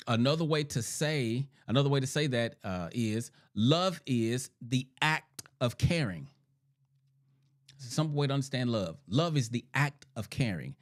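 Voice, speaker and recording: Lively-voiced man teaching, slightly sick. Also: medium pitch. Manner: repetitive, emphatic, rhetorical "right?" checks. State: sick, clearing throat. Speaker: therapist hosting a podcast. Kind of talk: teaching monologue.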